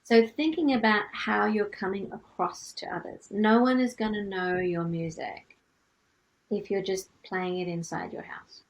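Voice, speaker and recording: A middle-aged woman with a light Australian accent teaches music business with lively energy, firing off one rhetorical question after another. Her voice sits at a middle pitch with a noticeable gravelly fry at the ends of phrases. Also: unhurried, low-quality recording. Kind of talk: teaching to camera.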